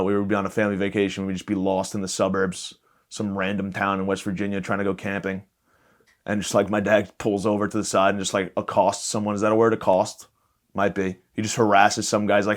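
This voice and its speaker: A man's voice: on the low side, level tone, quick pace. Young man rambling through a comic monologue. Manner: rambling, profane, self-mocking. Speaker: podcast host. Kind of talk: comedic solo podcast monologue.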